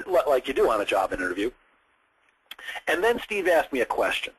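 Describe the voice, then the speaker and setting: Guy with a husky voice telling a sales story, does little voices for people. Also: mid-range voice, rough recording. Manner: animated storyteller, acts out quoted voices. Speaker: sales trainer. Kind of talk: storytelling in a sales training session.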